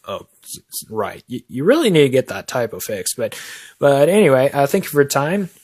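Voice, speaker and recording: A man's voice: medium pitch, sing-song, moderate pace, a little mellow. A man playing a stammering fill-in talk show host. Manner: hesitant, stammering, full of fillers and restarts. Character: rambling nervous brother filling in as talk show host. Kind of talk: amateur comedy sketch.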